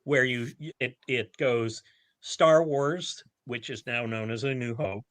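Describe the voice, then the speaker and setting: A man's voice: medium pitch, slow pace, a bit bright, no echo. A man co-hosting a podcast, chatting casually and animatedly about films and shows, with many restarts. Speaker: podcast co-host. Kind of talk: casual chat.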